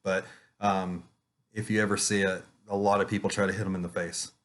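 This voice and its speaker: A man's voice: low-pitched, flat delivery, brisk, a bit bright. A man who runs children's ministry with puppets, giving a casual conference talk full of ums and restarts. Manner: rambling, many ums and restarts. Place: home online presentation.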